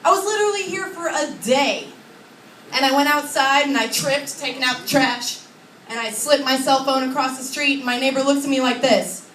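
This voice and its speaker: Young female stand-up, high voice, chatty storyteller, room noise around her. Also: moderate pace, fairly bright tone. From Oregon, USA. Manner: chatty, self-mocking, acts out voices. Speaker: stand-up comedian. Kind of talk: stand-up comedy set. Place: comedy club stage. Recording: echoey club, recorded from far off.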